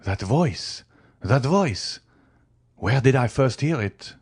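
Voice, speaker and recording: A man voicing a frantic, grief-stricken older magistrate who cries out in high, strained bursts. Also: lively intonation, takes it slowly, breathy edge, heavily acted.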